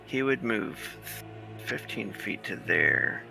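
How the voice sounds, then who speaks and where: A man's voice: fairly low pitch, very animated, takes it slowly, creaky, music in the background. A man playing a tabletop game, asking hesitant questions about his character's options. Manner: hesitant, asks rules questions. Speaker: player.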